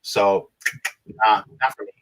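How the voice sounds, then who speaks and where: A man's voice: on the low side, fairly even intonation, slow, fairly bright tone. A man co-hosting a live stream, greeting viewers and reading chat messages aloud with frequent laughs.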